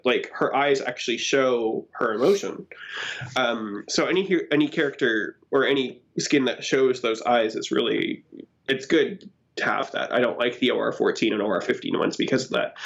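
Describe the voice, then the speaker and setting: A man co-hosting a casual gaming chat, enthusiastic and quick to giggle. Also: medium pitch, gravelly. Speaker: podcast co-host. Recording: dull lo-fi sound.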